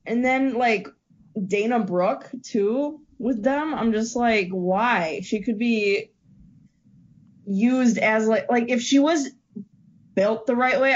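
Hesitant woman in casual chat. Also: mid-range voice. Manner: hesitant, many fillers and restarts. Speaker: co-host discussing wrestling. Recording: dull lo-fi recording.

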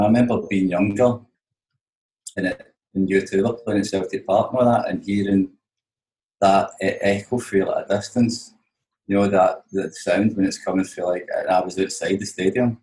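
A Scottish man with a lowish voice tells rambling, sweary stories as a touring musician, leaning on "you know what I mean" again and again. He speaks in a roomy space that gives his voice a clear echo. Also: a little mellow. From Scotland. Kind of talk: casual storytelling chat.

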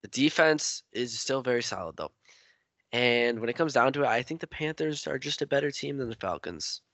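A man hosts a casual sports podcast, running the conversation as he gives his picks and passes the floor to each guest in turn. His voice is medium-pitched, animated and a bit bright, moving at a moderate pace with no echo.

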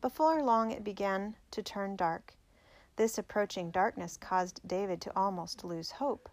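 A woman narrating a biography aloud in a measured, clear storytelling manner. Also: medium pitch.

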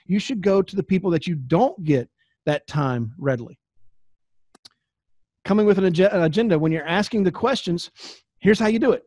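A man with a fairly high voice gives plain-spoken coaching tips straight to the listener. He is blunt and animated, stumbles over repeated words as he restarts sentences, and the sound is close and dry. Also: brisk, no echo. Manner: blunt, animated, acts out quoted exchanges. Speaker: business coach. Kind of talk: instructional talk to camera.

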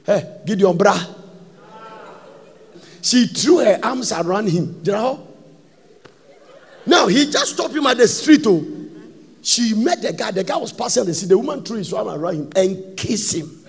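Pastor, high gravelly voice, animated preaching with shouted bursts, long reverb of a church hall. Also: male voice, a little slow, long pauses. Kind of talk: sermon.

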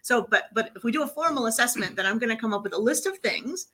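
A woman accent coach talking in a casual radio conversation, animated and full of affirming mm-hmms. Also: fairly high pitch, quick pace.

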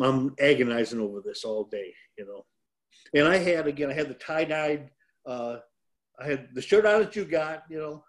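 Older man telling a rambling story. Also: fairly high pitch. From Detroit, US. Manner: rambling, self-deprecating storyteller. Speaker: guest, former pro wrestler. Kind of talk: casual storytelling.

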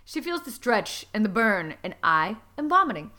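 A woman hosting a comedy podcast, recapping a story aloud with sarcastic deadpan asides. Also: medium pitch, moderate pace.

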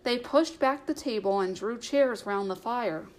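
A woman reads a storybook aloud in a calm, measured way. Her voice sits a little higher than most women's, and the narration stays even. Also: poor audio. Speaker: audiobook reader.

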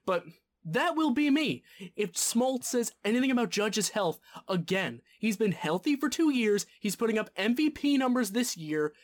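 A man's voice: high-pitched, sing-song, moderate pace. A man co-hosting a sports podcast, ranting in a heated, casual way and cursing often. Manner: fired-up ranting, swearing. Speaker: podcast co-host.

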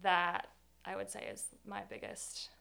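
A young woman with a gravelly, creaky edge to her voice tells her own story in an interview. She talks candidly and rambles, leaning on fillers as she goes. Her pitch sits in the middle for a woman. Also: level tone, measured pace, pushed and bright.

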